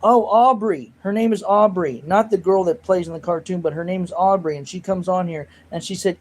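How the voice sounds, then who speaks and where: A man's voice: high voice, steady tone, a little fast, hardly any pauses, a little hiss or hum, rough recording. A man hosting his own livestream, rambling and joking about himself while reading the chat. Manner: rambling, self-mocking, reads chat aloud. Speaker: livestream host.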